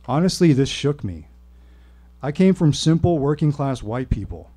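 A man telling a personal story at a live reading, with wry, deadpan humor. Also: fairly high pitch, moderate pace. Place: stage at a live show.

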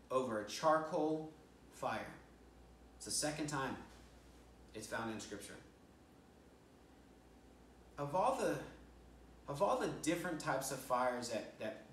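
A man's voice: mid-range voice, slight background noise. A male pastor preaching a sermon, telling a story and acting out quoted lines with restarts. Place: church sanctuary. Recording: roomy church sound from a distant mic.

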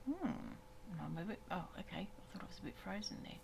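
An older woman who makes gaming videos on YouTube chats through a casual let's-play, exclaiming over her gameplay and talking to the animals she meets. Her mid-range voice is sing-song, quick, and darkish with vocal fry, and there's slight background noise.

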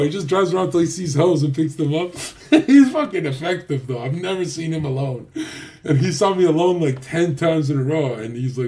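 A man's voice: fairly high pitch, expressive, a little fast, a little mellow. A man livestreaming a casual rant, crude and boastful, swearing often and rambling loosely with restarts. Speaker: streamer.

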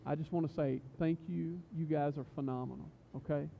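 Talking fairly quickly with vocal fry and an even tone, a fairly high-voiced youth pastor gives a casual, joke-filled sermon at a youth service. His delivery is chatty and full of fillers and restarts. The recording is dull and lo-fi, with slight background noise.

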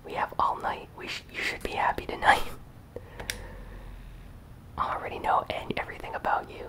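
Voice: normal speed, natural voice, poor audio. Someone whisper-reading a clingy alien girl, whispered role-play. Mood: cooing. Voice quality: soft unvoiced whisper. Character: clingy, moody young alien woman.

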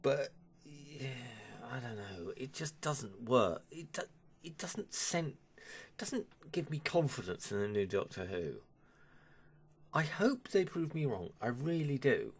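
A man's voice: medium pitch, sing-song, takes it slowly, slightly rough. A man giving his opinion in a casual vlog, grumbling and dismissive, trailing off with sighs. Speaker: vlogger.

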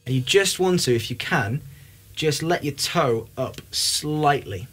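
A man's voice: a little high, lively intonation, unhurried, a bit bright, faint music behind. A young man giving a casual, upbeat drum lesson, talking between demonstrations at the kit. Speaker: drum teacher. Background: drum kit playing.

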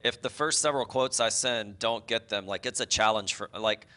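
A man's voice: lowish voice, normal speed, sharp tone. A man speaking as a travel advisor in casual panel chat, telling chatty, enthusiastic stories.

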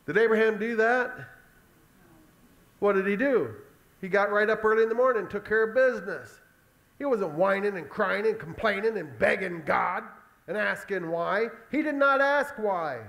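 A male pastor delivering a sermon in an animated storytelling way, acting out Bible scenes. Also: sits high, normal speed, gravelly, muffled recording.

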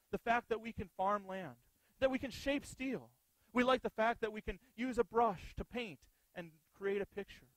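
A man's voice: high-pitched, no echo, low-quality recording. A male pastor preaching an earnest sermon, often putting rhetorical questions to the congregation.

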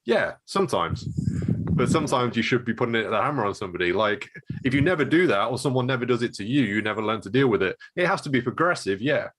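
A man's voice: medium pitch, expressive, fast talker, fairly bright tone, husky. A man who runs a martial arts gym, talking casually and thinking aloud, with lots of "like" and "you know.". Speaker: martial arts coach and show co-host. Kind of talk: casual podcast chat.

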